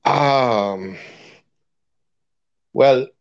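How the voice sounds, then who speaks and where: A man from Ireland tells wry stories at a slow, unhurried pace and laughs now and then. His voice sits at a middle pitch and sounds dry and a little muffled, as if it came through a lo-fi call. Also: gravelly, dry recording. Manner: wry, anecdotal storyteller who chuckles often. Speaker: guest, initiated priest. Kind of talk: storytelling in a podcast interview.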